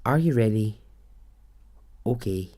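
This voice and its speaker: A man's voice: lowish voice, expressive, slow, dark tone. A man hosting a storytelling podcast, talking in a chatty way and laughing often. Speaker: podcast host.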